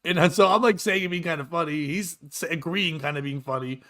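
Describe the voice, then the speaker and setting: Animated storytelling man. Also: on the high side, fairly quick. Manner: animated storyteller, acts out scenes. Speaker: co-host. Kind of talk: casual morning show chat.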